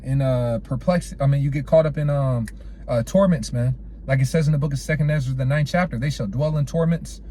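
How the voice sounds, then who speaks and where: Slangy, fairly high-voiced male preacher. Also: mellow. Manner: peppers speech with "all right" and "man"; casual slangy storytelling. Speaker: street preacher. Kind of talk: informal sermon with scripture quotes.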